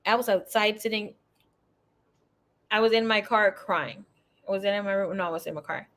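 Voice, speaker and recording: A woman's voice: medium pitch, steady tone, normal speed, fairly bright tone. A woman in her thirties, a psychic tarot reader, chatting casually and telling a story with laughs, swearing and acted-out quotes.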